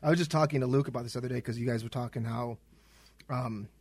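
A man's voice: medium pitch, steady tone, fast, husky, dry recording. A man in casual podcast banter, telling a blunt, profane story.

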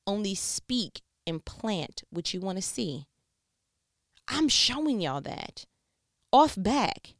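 A woman's voice: mid-range voice, big pitch swings, slow pace, no room sound, clean studio sound. A woman voicing God as a casual, exasperated speaker who scolds in slang. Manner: laid-back slangy scolding.

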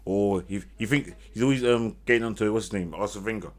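Man, low voice, quick, heated, repetitive, football chat. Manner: heated, ranting, repeats himself. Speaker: podcast co-host.

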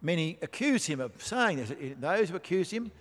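A man's voice: a little high, very animated, normal speed. A man preaching a sermon, emphatic, with rhetorical questions and dry asides. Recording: long hall reverb.

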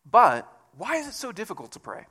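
A man preaching a conversational sermon as a church pastor, with self-deprecating asides and a relaxed, talky delivery. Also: sits high, fast talker, husky.

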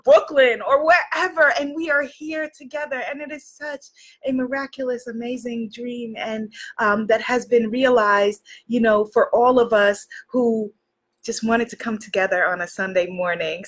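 A woman hosting a live online women's circle, praying slowly and reverently, then chatting warmly with viewers and greeting them by name. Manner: slow, reverent, low-voiced in prayer. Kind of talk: spoken prayer, then casual live-stream talk.

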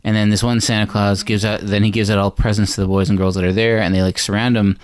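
A man co-hosting a casual movie chat, recapping scenes and acting out the characters' lines in quick voices. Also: on the low side, level tone, no echo. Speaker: podcast co-host.

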